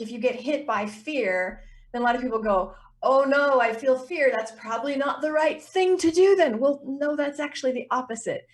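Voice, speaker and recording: A woman business coach talks through her ideas in a casual interview. She keeps acting out little voices and reactions as she goes. Her voice sits a little above the usual pitch.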